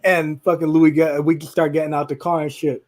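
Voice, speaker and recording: A man co-hosting a podcast, telling a story in casual chat, animated and profane, laughing and acting out his friends' lines. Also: on the high side, normal speed. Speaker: podcast co-host.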